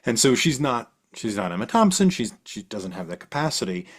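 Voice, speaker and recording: A man's voice: medium pitch, a little fast, creaky. A man co-hosting a podcast, casually discussing film adaptations and reading the show's closing promos. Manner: animated, thinks aloud with restarts, then reads promos. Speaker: podcast co-host.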